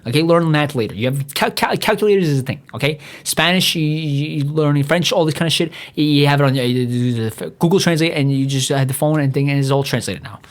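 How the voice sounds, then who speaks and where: Young new guy ranting on his podcast, talks real fast, swears a ton, keeps tripping over words. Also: a little high, animated. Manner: rambling, profane, stumbles and restarts often. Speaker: podcast host. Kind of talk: profane solo rant.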